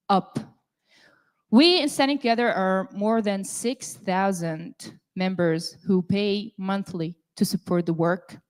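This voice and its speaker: Earnest woman addressing a rally. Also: medium pitch. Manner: earnest, repeats words for emphasis. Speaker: activist speaker. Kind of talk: speech at a rally.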